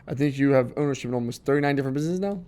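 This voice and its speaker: A man hosting a podcast interview, speaking at a mid-range pitch. He sums up his guest's career plainly and then asks direct questions. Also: racing, a little mellow, clean tone. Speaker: podcast host.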